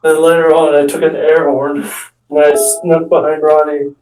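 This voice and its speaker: A man's voice: fairly high pitch, little pitch movement, normal speed, noisy background. Rambling storytelling man, echoey room. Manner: rambling, restarts and acts out quoted friends. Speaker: amateur stand-up storyteller. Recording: echoey room, mic far off.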